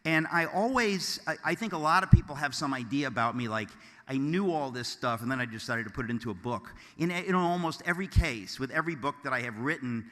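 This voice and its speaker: A man giving a speech to a live audience, mixing deadpan mock-offensive jokes with earnest, rambling remarks. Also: medium pitch, fairly quick, hardly any pauses. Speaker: keynote speaker. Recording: long hall reverb.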